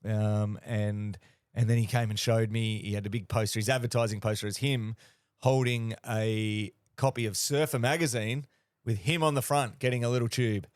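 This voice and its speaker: A man's voice: on the low side, fairly even intonation, moderate pace, smooth, no echo, clean studio sound. A man with an Australian accent, a podcast co-host telling a story in a rambling, slangy way. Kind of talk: casual chat.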